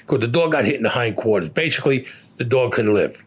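An older man in his seventies, a war veteran bluntly recounting his experiences in rough, heavily profane storytelling. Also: medium pitch, lively intonation, fast.

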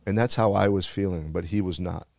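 Talking a little fast, a low-pitched man with vocal fry and a slightly mellow tone earnestly shares a heartfelt personal story. He's a retired firefighter from the Bronx, New York, and he repeats phrases. There's no echo.

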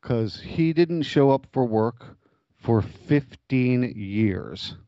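A man's voice: mid-range voice, animated, drawn-out words, no echo, lo-fi sound. A man chatting casually and telling stories, rambling with frequent restarts. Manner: rambling, lots of restarts, laughs at own jokes. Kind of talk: casual chat, storytelling.

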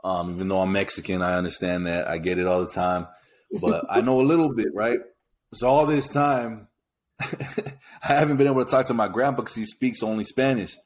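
Podcast co-host, male, 30s, West Coast Chicano accent, relaxed storyteller who laughs often, slightly low voice. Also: a little fast. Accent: West Coast Chicano English. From California. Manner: laid-back, laughs often while telling stories. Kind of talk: casual chat.

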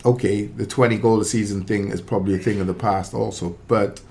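A man with a fairly low voice talks through the game as a pundit on a sports radio show. He is emphatic and animated, often cutting in to make his point. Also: a little fast, creaky. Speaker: football pundit, former striker. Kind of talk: casual sports radio chat.

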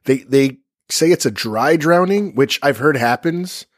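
A man's voice: mid-range voice, lively intonation, unhurried, no room sound, studio quality. A man co-hosting a casual true-crime podcast who rambles, stumbles over words and corrects himself as he goes. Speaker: podcast co-host.

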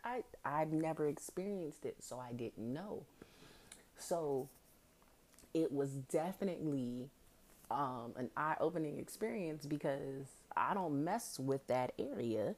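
A woman's voice: low voice, animated, a little slow, a little mellow. A woman hosting a podcast, telling a personal story in a frank, profane, casual way, laughing often and acting out what people said. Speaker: podcast host.

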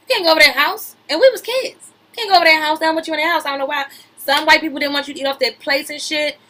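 Reading celebrity headlines on her podcast, a young adult woman launches into animated gossip commentary, breaking in on herself with "wait a minute" again and again, along with slang and laughs. She talks very fast in a high-pitched, sharp voice, captured in low-quality audio.

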